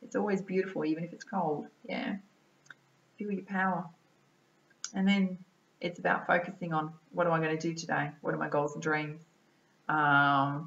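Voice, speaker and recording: An Australian woman, a mind-body-soul balance coach, giving an energetic, chatty motivational talk to camera and tacking "right?" and "yeah?" onto her sentences. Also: sits low, roomy sound, muffled recording. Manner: energetic, chatty, keeps adding tag questions like "right?" and "yeah?".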